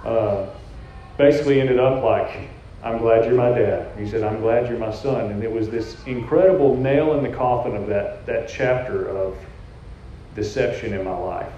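A man's voice: medium pitch, moderate pace, dark tone, slight background noise. A man, a church prophetic team leader, giving a personal testimony in an earnest, conversational storytelling way into a handheld mic in a church room. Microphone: handheld microphone. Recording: echoey, dull-sounding church room recording.

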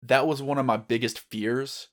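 A man co-hosting a podcast, talking in an earnest, measured way as a self-described fan. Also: medium pitch, fairly even intonation. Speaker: podcast co-host. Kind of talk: casual movie review chat.

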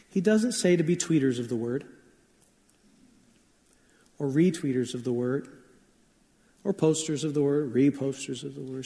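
A man's voice: sits high, darkish tone, in a large hall. A man preaching a sermon as pastor, telling stories in a conversational way with frequent shifts of pace.

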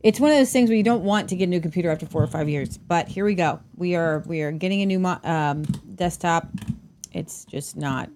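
A woman's voice: lowish voice, fairly quick, a little mellow, slight background noise. A woman co-hosting a casual news talk show, chatty and tripping over foreign place names. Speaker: co-host.

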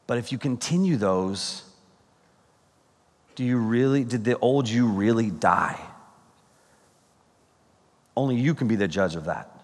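A man preaching a sermon as pastor, animated, breaking into playful mock exasperation and sudden exclamations. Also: medium pitch, in a large hall.

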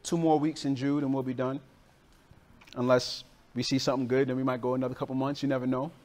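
A pastor preaches a sermon, recounting a story from his childhood in a loose, slangy, animated manner. He is originally from the northern United States, and his voice sits at a medium pitch as he talks at a quick pace.

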